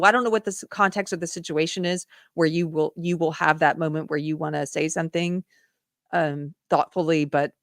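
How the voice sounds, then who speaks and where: A woman host speaking in an earnest, conversational manner, often doubling back and restarting her sentences. Her voice sits a little low. The sound is close and dry, with no room echo. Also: fairly bright tone. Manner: earnest storytelling, lots of restarts. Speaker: podcast host. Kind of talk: casual live-stream monologue.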